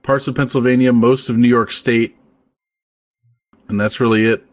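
A man hosting a casual podcast chat, talking in a relaxed, rambling way with plenty of fillers. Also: medium pitch, normal speed, dry recording. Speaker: podcast host.

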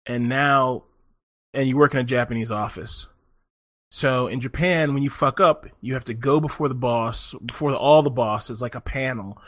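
A man telling a long story in a profane, animated way, often laughing as he talks in casual chat. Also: medium pitch, normal speed, no echo, clean studio sound.

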